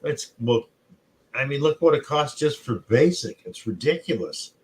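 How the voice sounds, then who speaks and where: A man's voice: medium pitch, lively intonation, moderate pace, darkish tone, slight background noise, poor audio. A middle-aged man co-hosting a casual chat, telling anecdotes and acting out what others said. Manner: chatty storyteller who acts out quotes. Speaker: co-host.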